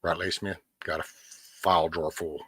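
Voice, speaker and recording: Middle-aged man, drawl, husky, low voice, dry close sound, rambling live-stream chat. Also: little pitch movement, moderate pace, fairly bright tone, dry recording. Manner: rambling, talks to chat by name. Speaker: livestream host.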